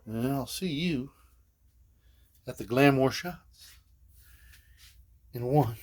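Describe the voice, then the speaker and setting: Slow and mellow, with frequent pauses, this older Philadelphia man's mid-range voice walks through his guitar repairs. The workshop narration is casual, jokey, and wandering, and he keeps ending lines with "man."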